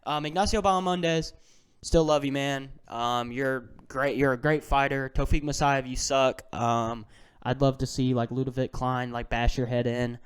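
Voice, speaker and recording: A young man talks through fight results in a loose, slangy rant, dropping to mutters and then flaring into loud outbursts. His voice is smooth and clear at a middling pitch. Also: normal speed. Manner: excitable, ranting, slangy, swings from mutters to shouts. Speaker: MMA fan vlogger. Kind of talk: casual fight breakdown.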